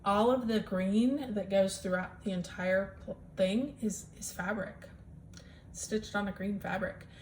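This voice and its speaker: A woman's voice: mid-range voice, fairly even intonation, measured pace, a little mellow. Chatty woman with faint room noise. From US Midwest. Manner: chatty, enthusiastic, frequent ums. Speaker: cross-stitch vlogger. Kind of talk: casual show-and-tell chat. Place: home.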